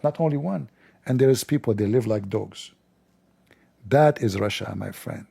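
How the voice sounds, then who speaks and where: Gravelly man mocking sarcastically. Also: on the low side, normal speed, warm tone. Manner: mocking, scornful, exaggerated incredulity; non-standard English grammar. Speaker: livestream host. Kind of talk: sarcastic commentary on a video.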